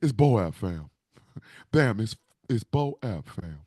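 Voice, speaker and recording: A man doing an impression of a laid-back man with a deep, smooth, slow voice. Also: sing-song, warm tone, no room sound, studio quality, heavily acted. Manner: slow, low, smooth drawl.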